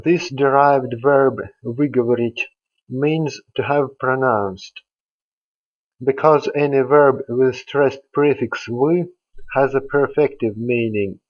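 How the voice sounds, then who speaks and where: Man slowly explaining grammar, dull lo-fi voice-over. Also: mid-range voice. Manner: slow, deliberate and methodical. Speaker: language teacher. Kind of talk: scripted grammar lecture.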